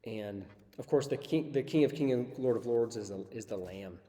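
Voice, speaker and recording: A man's voice: mid-range voice, moderate pace, dark tone. A man teaching a Bible study in a casual, conversational way, often checking in with his listeners. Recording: long hall reverb.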